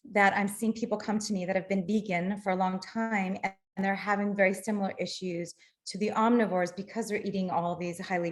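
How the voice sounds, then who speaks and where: A middle-aged woman presenting a webinar on nutrition, explaining in a practical way into a computer mic. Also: fairly low pitch. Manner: explanatory, practical, apologetic when slides fail. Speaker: nutrition lecturer.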